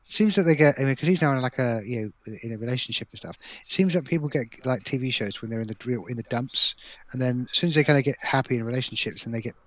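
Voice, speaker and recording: A man's voice: mid-range voice, no room sound, low-quality recording. A man chatting casually, rambling and restarting his sentences as he goes. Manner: rambling, halting, many restarts. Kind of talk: casual chat.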